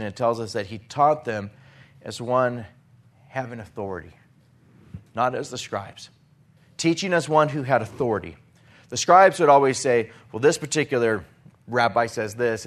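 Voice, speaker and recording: Earnest male preacher giving a sermon. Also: mid-range voice. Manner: earnest, rising to emphatic when quoting scripture.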